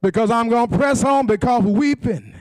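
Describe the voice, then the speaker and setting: A male preacher, delivering a sermon in a whooping, sing-song cadence, often shouting and asking the congregation for response. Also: extremely high pitch, normal speed, no echo, studio quality.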